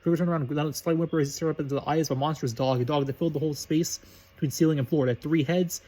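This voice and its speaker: A man reading a story aloud briskly, with slips and restarts. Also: a little high, steady tone, warm tone. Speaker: reader of fan fiction.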